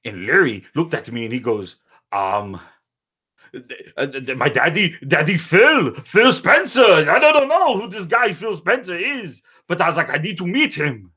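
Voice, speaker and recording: A boastful, foul-mouthed action movie star rambles through a comedic parody interview in a high, raised voice, as a man puts him on. He jumps from story to story and breaks into bursts of shouting and sing-song. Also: lively intonation, moderate pace, husky, exaggerated voice. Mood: cocky grumbling.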